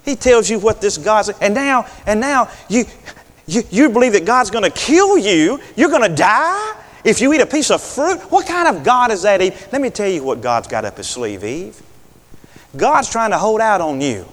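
A preacher putting on a sly tempting serpent. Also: male voice, sits high, big pitch swings, normal speed, a bit bright, long reverb tail, pitched above the performer's own voice. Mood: coaxing. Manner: coaxing, mocking, insinuating.

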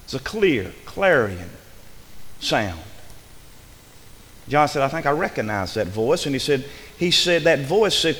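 A man's voice: mid-range voice, big pitch swings, measured pace, pauses often, fairly bright tone. A man preaching a sermon, asking his congregation rhetorical questions with rising fervor. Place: church. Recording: long hall reverb.

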